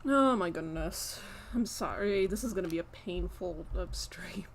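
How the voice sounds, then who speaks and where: A young woman streaming live, chatting casually and rambling with lots of fillers, breaking off to scold her pet with sharp repeated commands. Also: on the low side, moderate pace, a little hiss or hum.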